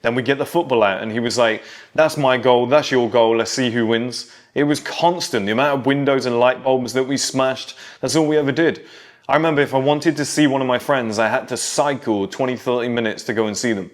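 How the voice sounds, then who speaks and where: A man's voice: mid-range voice, quick pace. A man in his thirties talking straight to young men, telling nostalgic stories from his childhood in a casual monologue. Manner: storytelling, nostalgic, direct address to young men. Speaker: self-improvement creator.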